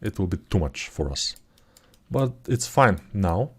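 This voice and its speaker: A man talking through his 3D sculpting work in a live tutorial, thinking aloud in a relaxed, self-deprecating way, with typing heard behind him. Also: low-pitched, a little slow, slightly rough. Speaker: 3D artist tutor.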